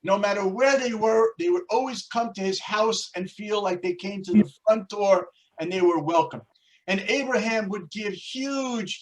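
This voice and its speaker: A man teaching a religious class, telling stories and explaining words in a deliberate, explanatory way. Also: sits high, low-quality recording. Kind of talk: storytelling religious lesson.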